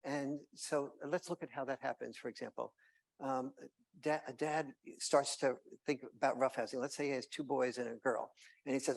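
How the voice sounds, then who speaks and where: A man's voice: medium pitch, fairly quick, creaky. A man giving a conference keynote, telling anecdotes with hesitant fillers and restarts. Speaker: keynote speaker.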